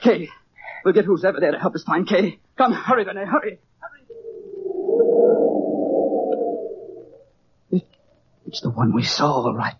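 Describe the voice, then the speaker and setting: An actor playing a skeptical, excitable American man in 1940s radio acting, agitated and insistent. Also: high-pitched, brisk, slight background noise. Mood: frantic. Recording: dull lo-fi old radio recording.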